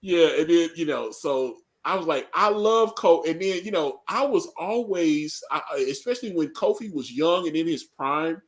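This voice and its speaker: A man's voice: fairly high pitch, animated, normal speed, hardly any pauses. A man co-hosting a casual live reaction chat, rambling and joking with frequent laughs. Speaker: podcast co-host.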